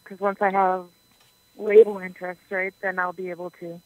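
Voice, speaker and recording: A woman's voice: fairly low pitch, flat delivery, normal speed, no echo, poor audio. A young adult woman from Canada, a singer being interviewed, chatting casually and laughing often. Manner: giggly, talkative. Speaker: singer guest.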